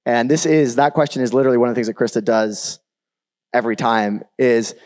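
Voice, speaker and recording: A man co-presenting on a church panel, quickly and amiably setting up his partner's story. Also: medium pitch, a little mellow. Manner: quick, friendly interjecting. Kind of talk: casual panel talk.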